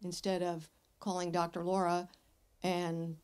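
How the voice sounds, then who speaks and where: An older woman hosting a live advice show, telling stories and answering questions in a blunt, wry and lively way. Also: lowish voice, a little slow, clean tone. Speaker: radio advice host. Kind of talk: live show talk with an audience. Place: radio studio with live audience.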